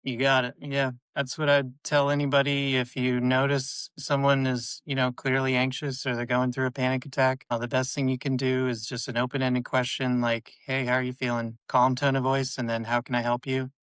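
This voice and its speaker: A man, a clinical psychologist, answering interview questions in a calm, measured, instructive way. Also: medium pitch, clean tone, no room sound, low-quality recording.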